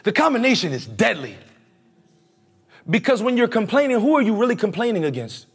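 A man's voice: high-pitched, big pitch swings, fairly quick, husky. A male preacher giving a conversational, slangy sermon, leading the congregation in call-and-response.

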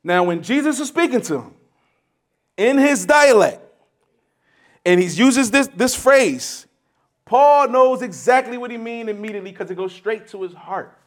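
High-voiced man preaching emphatically. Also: animated, a little slow. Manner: emphatic teaching with frequent restarts and rhetorical "right?". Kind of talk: sermon.

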